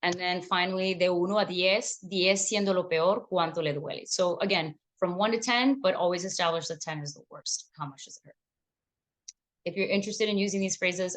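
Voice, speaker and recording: A woman physician giving a lecture on back pain with slides, explaining clearly and mixing in Spanish phrases for patients. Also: fairly low pitch. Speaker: physician teaching medical Spanish.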